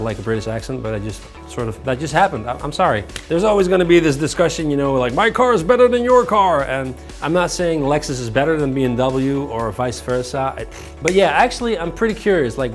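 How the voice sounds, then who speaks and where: A young man giving a casual car vlog review, talking loosely with fillers and restarts. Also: mid-range voice. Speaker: car vlogger.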